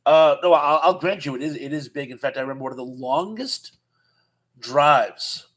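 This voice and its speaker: A man's voice: on the high side, moderate pace, fairly bright tone, low-quality recording. A man in his fifties hosting a casual live chat, reading viewer comments aloud and rambling with frequent restarts.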